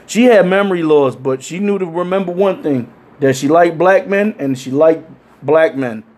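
A man tells crude, profane stories in casual conversation, animatedly acting out the voices of the people he quotes. His voice is a little high and his pace moderate.

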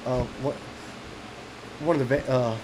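A man hosting a podcast in loose, casual chat, relaxed and profane with plenty of street slang. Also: medium pitch, a little slow, background noise.

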